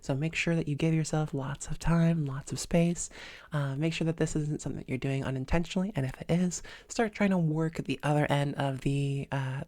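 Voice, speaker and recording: Calm woman voice coach, dry close sound. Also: sits low, dry recording. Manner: calm, measured, peppered with "sort of" and "um"; demonstrates sounds with their own voice. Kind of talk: instructional voice lesson.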